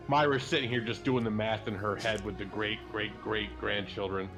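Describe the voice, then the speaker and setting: A man's voice: on the low side, fairly even intonation, moderate pace, music in the background. A man playing a tabletop game, chatting casually with a teasing, jokey manner. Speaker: player.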